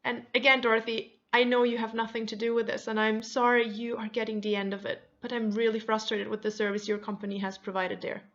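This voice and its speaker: A woman's voice: fairly high pitch, flat delivery, brisk, hardly any pauses, fairly bright tone, highs cut off. A woman acting out a friend on a phone complaint call who is overly thankful to the agent but firm in her demands. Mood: sweet but firm.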